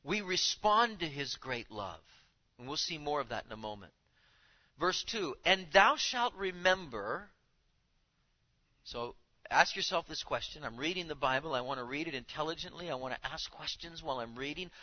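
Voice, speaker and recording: A man's voice: a little high, lively intonation, brisk, muffled recording. A man preaching a sermon in an earnest way, building to emphatic lines and repeating words as he goes. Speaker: pastor.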